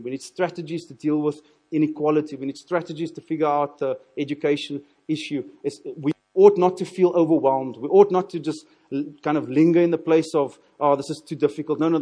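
Male preacher, sermon, husky, mellow dark tone, earnest, repeats words. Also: fairly high pitch. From South Africa. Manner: earnest, repeats words when building a point.

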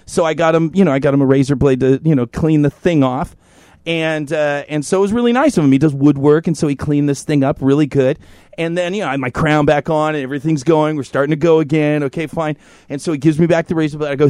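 A man co-hosting a podcast, telling a story in casual chat, animated and profane, in a podcast studio. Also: fairly high pitch, fairly quick, no echo. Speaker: podcast co-host. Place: podcast studio in North Hollywood.

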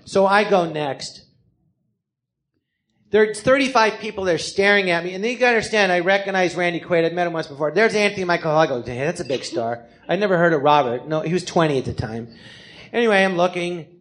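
A man's voice: high voice, brisk. A man in his fifties from California, telling a live story on a theater stage with lots of swearing, acting out the people he quotes. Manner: animated, profane, acts out the people he quotes.

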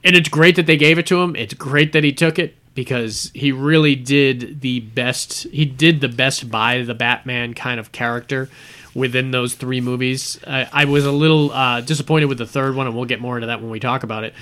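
A man chatting casually on a podcast, rambling and restarting his sentences, laughing easily. His voice has a bright, forceful edge at a middle pitch. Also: steady tone, normal speed. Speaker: podcast co-host. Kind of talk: casual chat.

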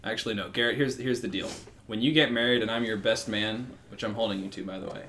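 A man's voice: lowish voice, quick pace, a bit bright, a little hiss or hum. A man co-hosting a podcast in casual chat, joking and teasing his friends. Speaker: podcast co-host.

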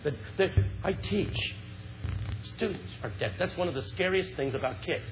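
Man in his fifties, high-pitched, animated preacher; muffled lo-fi tape with hiss. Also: moderate pace. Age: 50s. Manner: animated, swings from shouts to hushed lows. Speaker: Christian speaker. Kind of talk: humorous, impassioned sermon.

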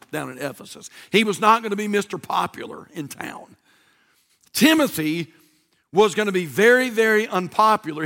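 A male pastor preaching a sermon, stressing key words with slow drawn-out emphasis and rising to shouts. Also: sits high.

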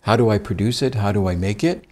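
A man's voice: fairly low pitch, quick pace, a little mellow. A man with an American accent, a rabbi being interviewed, telling stories with wry, self-deprecating humor in a casual conversation. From United States.

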